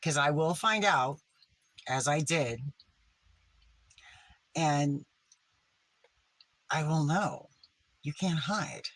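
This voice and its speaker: A man playing a petty, vindictive woman livestreamer in a comedy sketch, accusing and self-righteous, sometimes dropping to a sharp whisper. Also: on the high side, expressive, very slow, pauses often, no room sound, exaggerated voice, rough recording. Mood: scolding.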